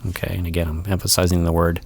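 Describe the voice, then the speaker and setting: A man's voice: deep voice, completely flat delivery, racing, gravelly. A man, a wildlife removal expert, explaining pests to hosts in a casual studio interview, patient and full of ums and restarts. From Florida. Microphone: studio mic.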